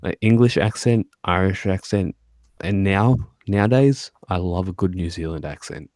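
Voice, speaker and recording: Low-voiced man in a dry, casual podcast chat. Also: normal speed, darkish tone, no room sound. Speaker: podcast co-host.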